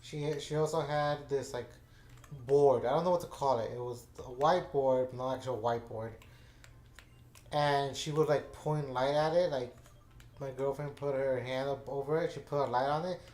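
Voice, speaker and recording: Telling a loose story in casual chat, this male gaming channel host rambles with many fillers and restarts. His voice sits at medium pitch with a steady, darkish tone and normal speed, recorded in an echoey room.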